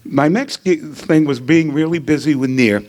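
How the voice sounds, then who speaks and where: A man's voice: a little high, normal speed, a little mellow. An older man giving a hall of fame acceptance speech at a podium microphone, telling joking stories and anecdotes. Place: ceremony hall.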